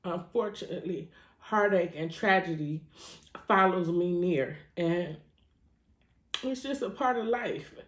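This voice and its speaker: A woman's voice: on the low side, measured pace, long pauses, echoey room. A woman vlogging, grieving and heartfelt, with a casual cussing manner, crying at times. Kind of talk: tearful personal vlog.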